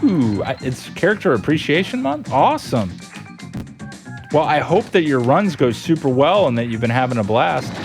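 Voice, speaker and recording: Upbeat man streaming over lively music. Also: medium pitch, normal speed, vocal fry. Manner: upbeat and playful, chatting with viewers. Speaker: live streamer. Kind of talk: casual live-stream chat while gaming. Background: game music.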